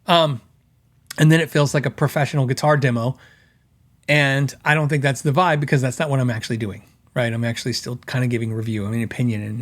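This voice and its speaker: Animated man hosting a guitar podcast. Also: on the high side. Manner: animated storytelling, mocking quoted critics in a raised voice. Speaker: host. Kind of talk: casual podcast monologue.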